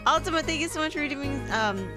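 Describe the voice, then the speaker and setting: A woman's voice: high-pitched, expressive, brisk, music in the background. A woman streamer chatting casually through gameplay, laughing often and greeting her chat. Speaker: game streamer.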